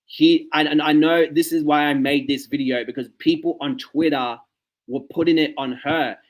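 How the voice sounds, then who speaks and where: A man's voice: on the high side, fairly even intonation, moderate pace. A man giving casual reaction commentary straight to his viewers, ranting with many "okay"s and "like"s. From Australia. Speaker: commentary vlogger.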